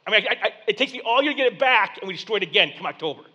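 A male pastor preaches in a church basement, spinning a story in a relaxed, conversational way. His voice sits high and sounds bright and ringing. He comes across as a man in his thirties talking to his congregation. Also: very fast, slightly rough, lo-fi sound. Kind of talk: sermon.

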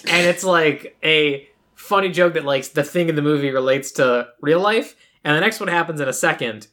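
Bright-voiced man recapping a movie. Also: on the high side, normal speed. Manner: rambling retelling with acted-out quotes. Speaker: podcast co-host. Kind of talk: casual movie recap chat.

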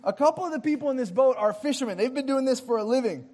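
A man's voice: very high voice, expressive, fast, a little mellow. A man preaching an interactive sermon, playful and joking as he gets the audience to act out the scene. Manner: jokey asides with light laughs. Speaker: pastor.

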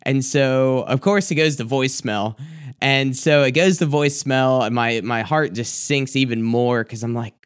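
A man's voice: mid-range voice, normal speed, smooth. A young man, a youth pastor, telling a candid personal story of his own mistake as a sermon testimony, with lots of casual fillers.

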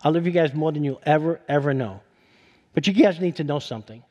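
A middle-aged male pastor preaching a sermon, telling a story with a voice that climbs when he gets excited. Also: quick pace. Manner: storytelling, voice rising high with excitement.

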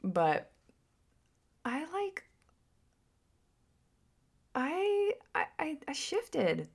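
A woman vlogger and mother talking in a casual, reflective monologue that rambles and drifts into soft whispered asides. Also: sits high, wildly swooping pitch, extremely slow, vocal fry.

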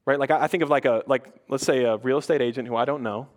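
A man's voice: medium pitch, fast talker. A young man preaching a conversational sermon, casual and chatty, often restarting his sentences and saying "like". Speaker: pastor.

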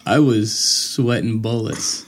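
A man's voice: lowish voice, steady tone, slow pace. A man talking in casual chat, laughing often and reacting with short replies.

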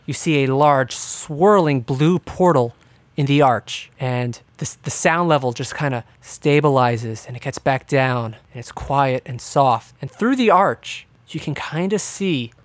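A man's voice: mid-range voice, unhurried, dry recording. Man narrating a tabletop game. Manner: descriptive, with filler words. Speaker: game master.

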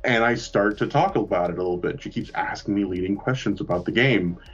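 A man's voice: on the low side, a little fast, slightly rough, dull audio, soft background music. A man casually telling a long, rambling, profane story about his trip, poking fun at himself. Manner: rambling, profane, self-mocking. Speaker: podcast co-host.

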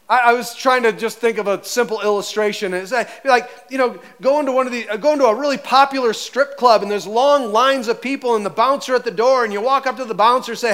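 Animated high-voiced male pastor. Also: quick pace, hardly any pauses. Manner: animated, conversational, acts out voices. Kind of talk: sermon.

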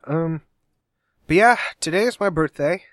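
A man's voice: a little high, unhurried, no echo, studio quality. A young man from Cincinnati co-hosting a podcast in casual chat, rambling and correcting himself as he goes. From Cincinnati, USA. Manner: rambling, self-correcting, laughs often. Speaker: podcast co-host.

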